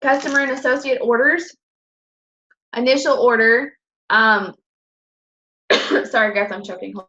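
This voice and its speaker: A woman's voice: on the high side, moderate pace, bright, forceful tone, dull audio. A woman in her twenties giving a casual presentation to her team, chatty and upbeat, with lots of fillers and self-corrections. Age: 20s.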